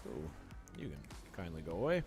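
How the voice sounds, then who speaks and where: Male gaming commentator with a deep voice. Relaxed, self-deprecating play-by-play, with clear music behind him. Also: a little fast. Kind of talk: casual gameplay commentary.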